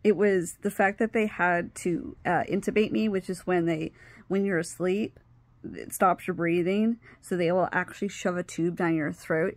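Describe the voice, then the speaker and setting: A middle-aged woman telling a personal story on her video channel, animated, acting out what others said and sometimes dropping to a whisper. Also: lowish voice, no echo. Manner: animated, acts out quoted dialogue, drops to whispers. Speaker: vlogger.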